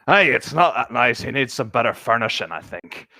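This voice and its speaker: A man's voice: mid-range voice, sing-song, moderate pace, bright, forceful tone, dry recording. Dry-witted male podcast co-host. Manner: dry, teasing quips. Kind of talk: casual chat and creepypasta reading.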